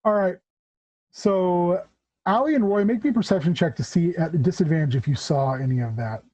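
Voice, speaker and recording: A man's voice: high-pitched, brisk, warm tone, no echo, rough recording. A man narrating a tabletop game as game master, casually describing scenes and voicing characters. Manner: casual, narrates and voices non-player characters.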